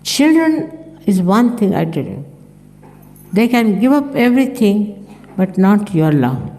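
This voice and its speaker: A woman's voice: sing-song, measured pace, dark tone. Older woman teaching in an echoing hall. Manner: conversational, tells anecdotes, acts out quoted speech in a higher voice. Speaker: spiritual teacher. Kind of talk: spiritual talk to followers. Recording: archive recording in a reverberant hall.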